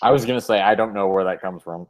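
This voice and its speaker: A man hosting a comic book podcast, giving context in a hesitant, casual way with many pauses. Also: on the low side. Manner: hesitant, many uhs, laughs often.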